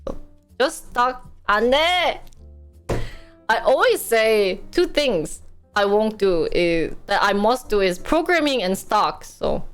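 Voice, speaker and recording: A woman's voice: a little high, lively intonation, a little slow, clear, resonant tone, faint music behind. Hyper chatty young woman streamer. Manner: hyper, chatty, laughs often. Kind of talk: casual stream chat.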